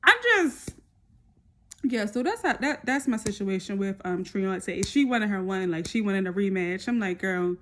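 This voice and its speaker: Animated sassy young woman telling a story. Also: medium pitch, normal speed, a little hiss or hum. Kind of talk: storytime vlog.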